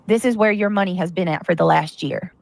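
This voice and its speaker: A woman's voice: fairly low pitch, fairly quick, creaky, darkish tone. A woman with a Southern US accent, ranting on her livestream in a mocking, scornful tone. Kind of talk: casual stream rant.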